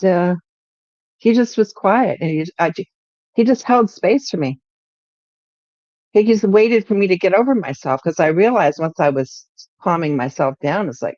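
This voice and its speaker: A middle-aged woman, a podcast guest, telling a story in an animated, lively way and acting out her own lines. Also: lowish voice, no echo, lo-fi sound. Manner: animated, lively retelling with acted-out quotes. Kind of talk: storytelling in an interview.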